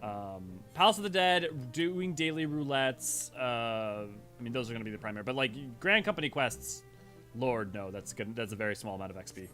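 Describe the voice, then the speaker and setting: Bright-voiced male game streamer. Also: mid-range voice, expressive, normal speed, faint music behind. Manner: rambling, self-correcting, nerdy. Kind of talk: casual livestream chat and game commentary.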